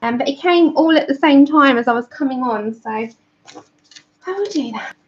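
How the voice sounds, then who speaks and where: A high-pitched woman chats from home as she hosts a live colouring stream. She laughs easily, apologises, and greets viewers by name, a little out of breath. The audio is dull and lo-fi. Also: lively intonation, unhurried, a little hiss or hum. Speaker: livestream colouring host. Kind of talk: casual live-stream chat.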